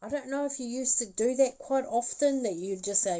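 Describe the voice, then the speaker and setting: A woman's voice: a little high, brisk, dark tone, poor audio. A woman doing a live psychic reading as a medium. She talks in a chatty, rambling way, laughs often and keeps apologizing.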